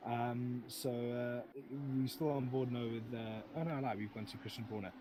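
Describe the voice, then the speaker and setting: A man calling a sim race live, chatty and self-correcting, with a mid-range voice. Racing car engine noise runs clearly underneath him the whole time. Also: medium pitch, fairly even intonation, normal speed. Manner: rambling, self-correcting, joking.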